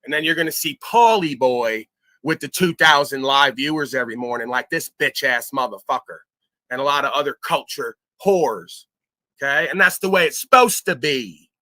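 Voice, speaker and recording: Brash, bright-voiced ranting man. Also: mid-range voice, moderate pace, no echo. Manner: profane, boastful, swings between loud outbursts and muttering. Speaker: livestream host. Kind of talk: ranting livestream commentary.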